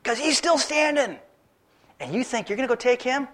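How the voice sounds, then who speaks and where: A man's voice: extremely high pitch, expressive, moderate pace, a bit bright, voice pushed up, full character voice. A man voicing a doubtful king who lectures a young challenger in a preached story. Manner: skeptical, lecturing. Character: doubtful older male king.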